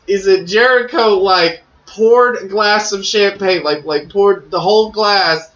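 Excitable high-voiced man, echoey lo-fi. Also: measured pace. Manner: excitable, swears freely, heavy use of "like". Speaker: podcast co-host. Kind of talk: casual chat about pro wrestling. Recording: echoey, muffled lo-fi audio.

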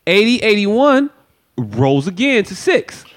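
A man's voice: high-pitched, sing-song, slow. A man on a podcast reading out figures, stammering and asking others to hold on. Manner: stammering, keeps saying hold on. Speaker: podcast co-host. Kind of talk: reading figures aloud in casual chat. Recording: noisy room.

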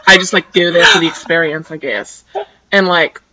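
A woman's voice: lowish voice, normal speed, crowd noise, poor audio. A teenage girl from San Diego, chatting as a podcast guest and rambling with lots of "like". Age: teens. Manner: rambling, says like constantly. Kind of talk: casual chat.

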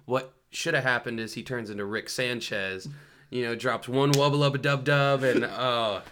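Bright-voiced joking man. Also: mid-range voice, steady tone, normal speed, slight background noise. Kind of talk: casual chat about anime.

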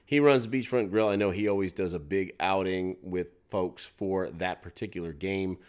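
A man with a low, smooth and resonant voice, co-hosting in easy, casual chat. He rambles a little and often restarts his sentences. He also. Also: normal speed, a little mellow. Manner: chatty, rambling, frequent restarts. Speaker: co-host of a local events podcast.

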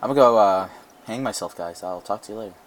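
A man in casual podcast chat, offhand and loud, introducing the others. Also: on the low side, fast.

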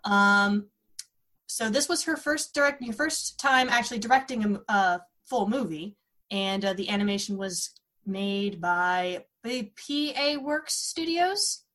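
A woman's voice: mid-range voice, measured pace, fairly bright tone. A woman hosting a podcast, talking casually and rambling with many fillers. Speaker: podcast host. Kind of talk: casual chat.

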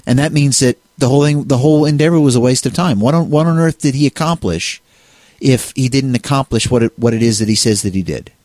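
A man's voice: medium pitch, quick pace, a little mellow, no echo. A man co-hosting a casual discussion on faith, talking in a rambling way with many restarts and fillers. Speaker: co-host.

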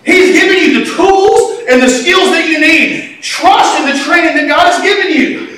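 Male preacher, high and forceful tone, lively storytelling with shouts, distant mic in a reverberant room. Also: normal speed. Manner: animated, folksy storytelling with sudden shouts. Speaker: pastor. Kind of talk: sermon. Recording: echoey hall, mic far off.

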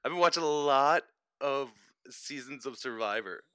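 A young man from Philadelphia talks as a podcast guest in easygoing chat, his sentences often trailing off. His voice is bright and smooth, recorded close and dry. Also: medium pitch, moderate pace, no room sound. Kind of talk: casual chat.

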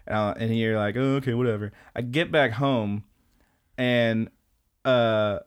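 A man's voice: medium pitch, fairly even intonation, a little slow, smooth. A man co-hosting an anime podcast, telling rambling stories in casual chat, swearing often and acting out what people said. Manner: rambling storyteller, swears a lot, acts out quotes. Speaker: podcast co-host.

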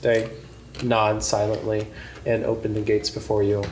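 Halting man narrating a tabletop game. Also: fairly low pitch, completely flat delivery, a little mellow, slight background noise. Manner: halting, many ums. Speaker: game master. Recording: echoey room with music.

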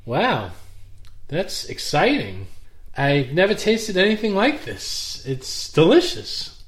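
A man's voice: high voice, huge pitch swings, slow. A man from Long Island, a guest on a casual podcast, easygoing and laughing along, sometimes stumbling over words. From Long Island, New York. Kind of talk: casual chat.

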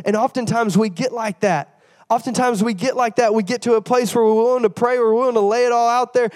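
A young man preaching a sermon, telling a story with lively call-outs to the congregation, tired after the flu. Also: very high voice, quick pace. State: tired, getting over the flu. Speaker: pastor.

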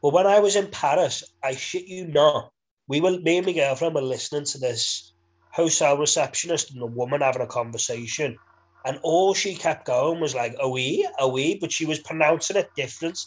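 A man's voice: on the high side, normal speed, poor audio. Laddish young Liverpool man bantering. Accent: Liverpool English. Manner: laddish, swears freely, laughs a lot. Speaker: podcast co-host. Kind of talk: casual banter.

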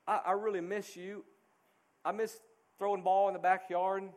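Man voicing a hushed, remorseful young son. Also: sits high, little pitch movement, normal speed, natural voice. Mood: wistful. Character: young man writing a remorseful letter to his father.

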